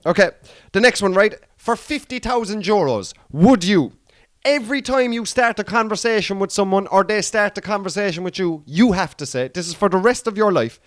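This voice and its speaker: A man's voice: high voice, lively intonation, normal speed, few pauses, no room sound, clean studio sound. An Irish man hosting a casual podcast, chatty and laughing often, with "like" and "lad" in every other phrase. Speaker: podcast host.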